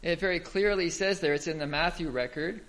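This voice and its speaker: A man's voice: fairly high pitch, brisk, a bit bright. A man giving a Bible teaching talk, explaining step by step and asking the listeners rhetorical questions.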